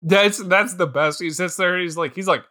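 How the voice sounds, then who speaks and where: A man's voice: sits high, a little fast, bright, forceful tone. A man co-hosting a podcast, rambling in a casual, comedic way, laughing and acting out lines in silly voices. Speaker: podcast co-host.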